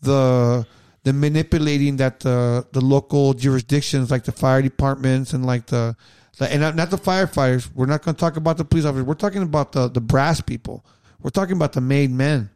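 A man's voice: mid-range voice, brisk, a little mellow, smooth, dry recording, clean studio sound. A middle-aged man chatting casually as a podcast co-host, telling rambling stories with many restarts. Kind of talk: casual chat.

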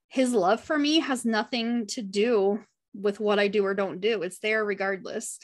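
Earnest woman leading a relaxed group Bible study, chatty and heartfelt. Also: mid-range voice, a little slow. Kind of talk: casual Bible study discussion, reading passages aloud.

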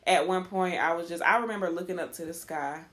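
A woman co-hosting a podcast, telling a story in a casual, animated way, laughing often and acting out what people said. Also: on the low side. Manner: animated, laughs often, acts out quoted dialogue; talks quickly at times, with restarts. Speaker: podcast co-host.

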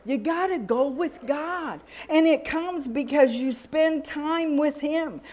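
A middle-aged woman delivers a sermon, her voice sitting a little high. She tells personal stories and acts out the lines of the people in them. Her preaching moves easily between teaching and testimony. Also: slow, darkish tone. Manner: storytelling, acts out dialogue with God and others.

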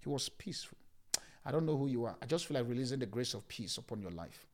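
Animated Nigerian pastor preaching a sermon. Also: male voice, mid-range voice, fast. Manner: animated preaching, shouting scripture then dropping to a calm hush.

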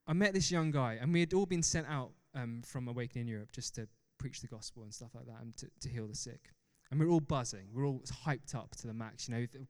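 A young man delivers a sermon in a large church hall, his smooth, clear voice trailing into a long reverb. He talks in an animated way and breaks off for self-mocking laughs. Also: mid-range voice. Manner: animated, laughs often, self-deprecating asides. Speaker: preacher.

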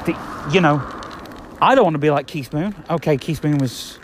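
A man in his thirties talks in a loose, meandering way, circling back and repeating himself. His voice sits a little high for a man. A faint hiss of traffic runs underneath. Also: normal speed. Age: 30s. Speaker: podcast host. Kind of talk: rambling casual monologue. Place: outdoors walking around the block.

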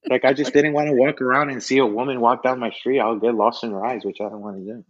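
A man's voice: medium pitch, fairly even intonation, fast, no echo, dull audio. A man guesting on a podcast in casual chat, joking around and swearing freely as he rambles.

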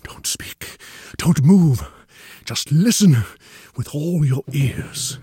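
A man's voice: fairly low pitch, lively intonation, warm tone, a little hiss or hum, voice pushed up, close to an everyday voice. A man doing a feeble, whispering sick detective. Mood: urgent. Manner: weak, halting, often whispered, rising to urgent pleas. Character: gravely ill man detective, feeble, urgent, commanding.

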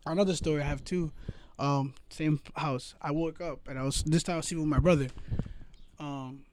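Animated young-sounding man telling ghost stories. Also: on the high side, a little fast, slight background noise. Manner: animated, swears a lot, says "bro" often. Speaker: storyteller in casual chat. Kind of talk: casual chat.

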